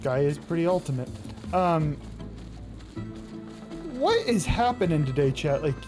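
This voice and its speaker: A woman's voice: sits low, very animated, measured pace, over music. A young woman streaming a game, chatting casually with viewers, laughing often and swearing now and then. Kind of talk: casual live-stream chat.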